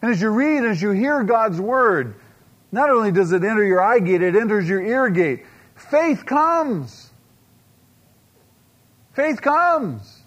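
A fairly high-voiced man delivers a sermon in church. He presses his points with repeated rhetorical questions and stretches key words out slowly. He drops into soft, hushed asides. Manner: emphatic preacher, rhetorical questions, dramatic slow-downs and quiet asides. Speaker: pastor.

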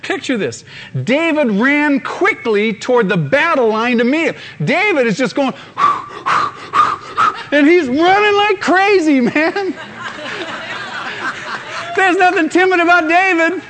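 A man's voice: very high voice, big pitch swings, slow, a crowd in the background, noisy background. A man preaching a sermon with fervor, acting out scenes in sudden bursts. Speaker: pastor.

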